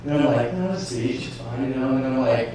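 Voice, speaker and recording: A man preaching, telling a personal story and acting out his inner dialogue, with his voice swinging from hushed to shouting. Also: medium pitch, brisk, a little hiss or hum. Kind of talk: sermon testimony. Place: large church hall. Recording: echoey church hall from far off.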